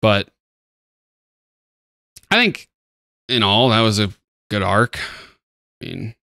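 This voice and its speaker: Sleepy, bright-voiced man in casual chat. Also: on the low side, animated, creaky, dry recording, studio quality. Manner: drowsy, laid-back, halting with fillers. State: sleepy, yawning. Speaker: podcast co-host. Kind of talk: casual chat reviewing an episode.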